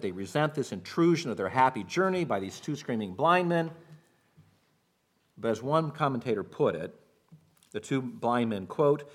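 Pastor giving a sermon, mid-pitched man, explains verse by verse and acts out quotes. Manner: expository preaching, acts out shouted quotes.

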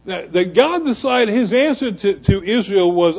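Animated high-pitched male preacher. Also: normal speed, vocal fry, slightly rough, rough recording. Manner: animated preaching with sudden drops to quiet asides. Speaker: pastor. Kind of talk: sermon. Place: church.

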